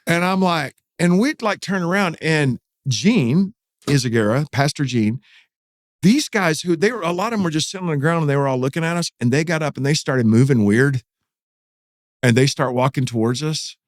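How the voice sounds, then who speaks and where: A man, a pastor telling a story in a podcast interview, animated and acting out quotes. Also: moderate pace, no room sound, studio quality. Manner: animated, acts out quotes with rising pitch.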